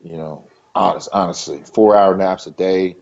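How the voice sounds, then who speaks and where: A low-pitched man talks casually in an interview, stressing his points by repeating words. His manner is loose and emphatic. The recording is dull and lo-fi. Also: fairly even intonation, normal speed, gravelly, darkish tone. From Maryland. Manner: emphatic, repetitive, loose and conversational. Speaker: interview guest, bodybuilder.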